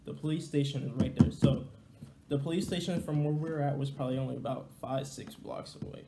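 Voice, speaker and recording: A man's voice: on the high side, steady tone, fairly quick, gravelly, echoey room, noisy background. A young man telling a casual, slangy, rambling story to his viewers. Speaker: storyteller vlogger.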